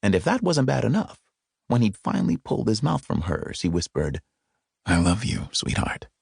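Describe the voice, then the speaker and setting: A man narrating an audiobook with expressive, wry storytelling, recorded close in a studio. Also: fairly low pitch, brisk, creaky, husky, no echo. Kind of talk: scripted narration. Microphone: close studio mic.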